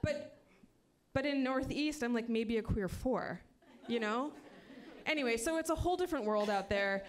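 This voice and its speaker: A woman's voice: fairly high pitch, lively intonation. Chatty woman comic in her thirties. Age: 30s. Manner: chatty, self-mocking, full of "like" and quick asides. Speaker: stand-up comedian. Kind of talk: stand-up comedy set. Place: comedy club stage.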